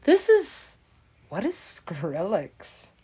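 A woman drifting through a loose comedic ramble, giggling and swearing as she goes. She talks at an unhurried, drawn-out pace, her voice pitched in the middle range. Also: wildly swooping pitch, mellow, breathy edge.

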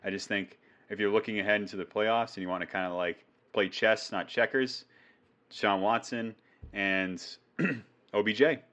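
A man's voice: on the low side, fairly even intonation, a bit bright, highs cut off. A man co-hosting a fantasy football show, chatting casually with a jokey, rambling manner. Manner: jokey, rambling, quick to riff. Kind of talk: casual sports chat.

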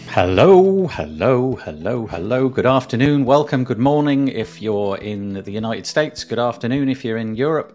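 A man's voice: medium pitch, animated, normal speed, few pauses, darkish tone, soft background music. A man hosting a podcast in casual chat, chatty and self-deprecating, laughing often. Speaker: podcast host.

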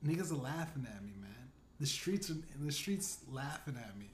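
A man's voice: on the high side, animated, moderate pace. A man hosting a comedy podcast, rambling through a profane, meandering monologue and laughing at his own jokes. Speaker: podcast host. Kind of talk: stand-up style comedy monologue. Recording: echoey room, faint noise.

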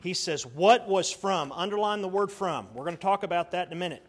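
Male pastor, middle-aged, slightly high voice. Teaching sermon with call-and-response questions. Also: quick pace. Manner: teaching Bible study with questions to the congregation; shifts between quiet asides and emphatic raised lines.

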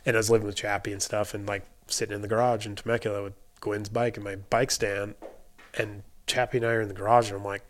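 A young man with a fairly low voice tells a story in a loose, conversational way. He leans on "like" constantly and slips into the voices of the people in his story. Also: flat delivery, quick pace. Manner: chatty, lots of "like" fillers, acts out quoted dialogue. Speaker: guest, bike mechanic. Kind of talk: casual storytelling.

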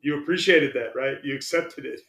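A middle-aged man recalls old stories in an easygoing way, his sentences often trailing off into fillers. His voice has a middle pitch, and the recording carries a noticeable room echo. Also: fairly quick, fairly bright tone. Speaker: podcast guest, retired umpire. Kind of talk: casual storytelling chat. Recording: echoey room sound.

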